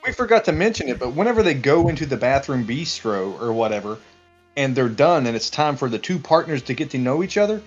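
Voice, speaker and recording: A man's voice: medium pitch, very animated, fast talker, faint music behind. A man co-hosting a podcast chat, cursing casually and breaking into laughter as he talks. His voice sits in an ordinary middle register. The sound is a bit dull and lo-fi. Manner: profane, laughs often. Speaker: podcast co-host. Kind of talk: casual chat about a film over beer.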